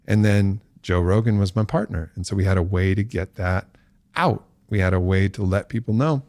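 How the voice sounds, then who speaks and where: A man's voice: low-pitched, moderate pace, darkish tone, no echo, clean studio sound. A man as a podcast guest, telling a long story and acting out the voices of people he quotes.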